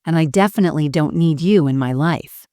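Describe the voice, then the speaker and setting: A woman's voice: deep voice, brisk, mellow, no echo, studio quality, lightly acted. A woman voicing a hurt, defiant teenage son. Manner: trembling but strong. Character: hurt teenage son, trembling but firm.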